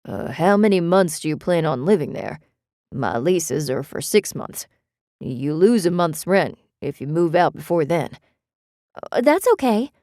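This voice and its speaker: A woman's voice: expressive, a little slow, warm tone, dry recording, studio quality. A woman voicing a desperate, impulsive young woman in an audiobook, urgent and emphatic. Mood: pleading. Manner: rising pitch, urgent and emphatic. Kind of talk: audiobook character reading.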